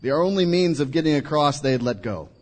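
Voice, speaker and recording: Male preacher, storytelling sermon, animated pitch and dramatic hushes, echoey church hall. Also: a little fast. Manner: storytelling, acting out voices, dramatic drops to quiet. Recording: reverberant hall.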